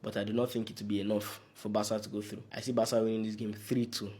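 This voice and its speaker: A man hosting a sports update, calmly reasoning through a match prediction. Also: on the low side. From Nigeria. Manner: calm, measured, reasoning aloud. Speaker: sports show host.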